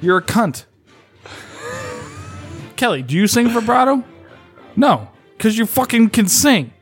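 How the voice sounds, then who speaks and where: A man's voice: sits high, big pitch swings, takes it slowly, breathy edge, faint music behind. A man hosting a podcast in casual chat, ranting and swearing freely. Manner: profane, ranting. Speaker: podcast host.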